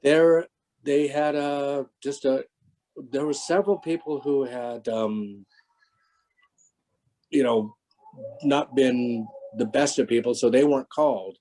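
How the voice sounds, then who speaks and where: A man's voice: medium pitch, slow pace, long pauses, mellow, low-quality recording. A man in his sixties, a former stunt performer, telling rambling stories with many restarts on a video call. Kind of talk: casual interview anecdotes.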